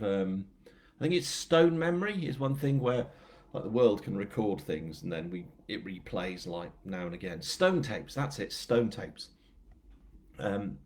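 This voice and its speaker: Chatty northern English man, low voice. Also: darkish tone. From England. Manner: chatty, rambling, self-mocking with asides. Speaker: author hosting a live book launch. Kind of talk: casual live-stream chat and storytelling.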